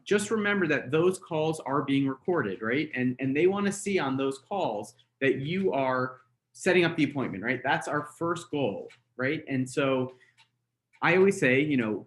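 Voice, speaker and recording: A man's voice: on the high side, a bit bright. An American man, a real estate trainer, talks casually through a webinar, coaching with many fillers and "right?" tags. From United States. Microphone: webinar call mic.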